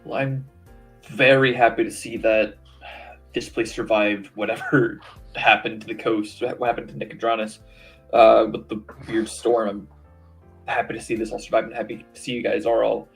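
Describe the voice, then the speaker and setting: A man's voice: on the low side, little pitch movement, normal speed, vocal fry, soft background music. A man taking part in a tabletop game, chatting casually and wryly in character. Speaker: player.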